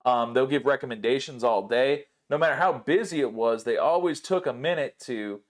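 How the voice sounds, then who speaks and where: Male podcast host, casual, animated, swears a lot, acts out quotes. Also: mid-range voice, normal speed. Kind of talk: casual storytelling chat.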